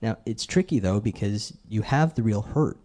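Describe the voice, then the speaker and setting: Mellow-voiced man preaching a sermon. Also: on the low side, expressive, normal speed. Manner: conversational, asks the crowd questions.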